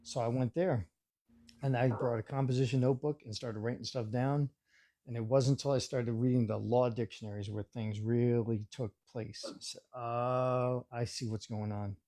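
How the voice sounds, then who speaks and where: Mellow-voiced man telling a story. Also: medium pitch, steady tone, moderate pace. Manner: storytelling, acts out quoted voices. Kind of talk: casual live-stream chat.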